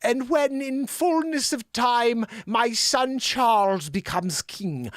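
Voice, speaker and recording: A man voicing an elderly stately queen in an attempted upper-class English accent, slow and formal. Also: very high voice, fairly bright tone, no room sound, clean studio sound, pitched above the performer's own voice, heavily acted. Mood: gracious.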